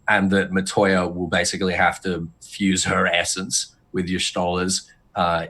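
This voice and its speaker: A man with a lowish voice chatting on a podcast. He rambles and restarts often, and gets animated as he lays out his ideas. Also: slightly rough. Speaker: podcast guest. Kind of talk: casual podcast chat, lore speculation.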